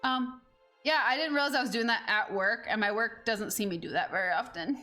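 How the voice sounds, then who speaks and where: A woman's voice: fairly high pitch, brisk, pushed and bright, faint music behind. A young woman streaming a game and telling a rambling story in casual chat, full of "like" fillers. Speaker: gaming streamer. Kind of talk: casual chat over gameplay.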